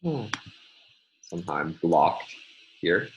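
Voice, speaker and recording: A man's voice: deep voice, big pitch swings, slow, dull audio, a little hiss or hum. A man giving a recorded linguistics lecture, explaining step by step with frequent ums and uhs as he annotates on screen.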